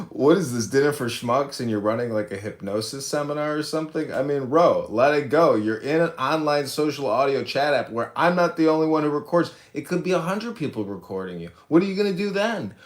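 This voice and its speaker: A man's voice: a little high, lively intonation, a little fast, few pauses. A man hosting a social audio room, ranting brashly and mocking his critics from his office. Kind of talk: combative livestream rant. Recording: echoey room sound.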